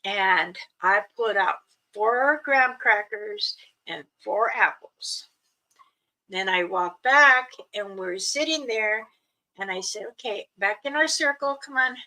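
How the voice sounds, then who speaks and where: A mother casually telling a personal story, chatty and laughing often, acting out her children's voices and hushing her own quoted words. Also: mid-range voice, animated, slow pace, low-quality recording.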